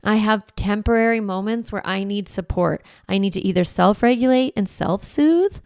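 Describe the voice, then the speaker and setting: A woman's voice: medium pitch, normal speed, darkish tone, clear, resonant tone, no echo, clean studio sound. A woman in her forties hosting a parenting podcast, talking listeners through ideas in a conversational, reassuring way and often checking in with "right?". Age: 40s. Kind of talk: solo podcast teaching.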